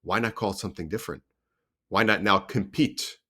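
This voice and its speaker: Low-voiced man hosting emphatically. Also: fairly quick, pushed and bright, breathy edge. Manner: emphatic, argues by repeating questions. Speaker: podcast host. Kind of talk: casual interview chat.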